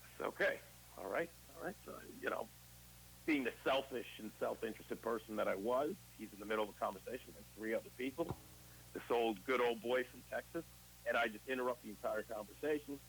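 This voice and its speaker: A man's voice: mid-range voice, brisk, gravelly, fairly bright tone, slight background noise, rough recording. A man as an interview guest, telling his recovery story in a candid, conversational way and acting out past conversations as quoted dialogue. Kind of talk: casual personal storytelling.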